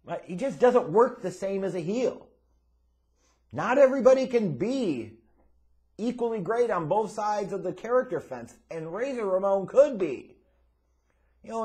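A man's voice: high voice, a little mellow. A man hosting a wrestling commentary channel, delivering an opinionated monologue in an emphatic, blunt way with casual swearing.

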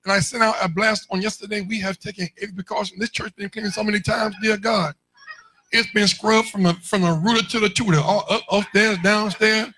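A male pastor preaching a lively call-and-response sermon in a church, rising into shouts at his peaks. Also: high-pitched, a little fast, rough recording. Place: church sanctuary.

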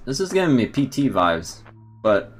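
A man's voice: mid-range voice, big pitch swings, normal speed, breathy edge. A man streaming a horror game live, commenting in a drawling way, laughing and swearing when startled. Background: loud game music.

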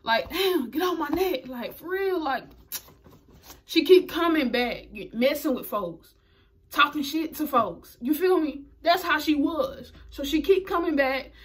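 A woman's voice: sits high, expressive, unhurried. A woman recapping a wrestling show in a chatty, slangy way, laughing often. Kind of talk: casual video recap.

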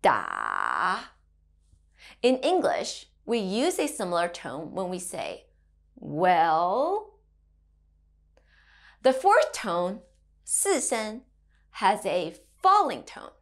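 A woman's voice: medium pitch, sing-song, slow pace. Playful sing-song woman teaching kids. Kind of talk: children's lesson narration.

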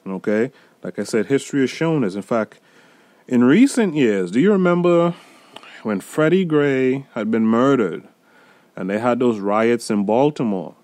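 A man hosting a solo podcast, talking through a film in an emphatic, deliberate way and speaking straight to his listeners. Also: medium pitch, expressive, darkish tone, no echo. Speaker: podcast host reviewing a film.

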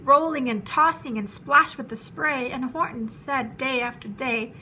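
A woman teacher reading a children's storybook aloud with animated, rhythmic rhyming narration. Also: sits high, measured pace, hardly any pauses, slight background noise.

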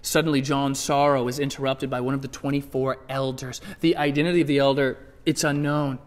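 A man preaching a sermon in a church, conversational and animated, swinging from hushed asides to loud emphatic bursts. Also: medium pitch, fairly quick, in a large hall. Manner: conversational, playfully acts out scripture scenes. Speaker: pastor. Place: church sanctuary.

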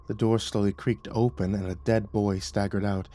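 A man's voice: lowish voice, flat delivery, moderate pace, few pauses, a little hiss or hum. Dramatic male horror narrator. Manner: swings from hushed to loud and urgent.

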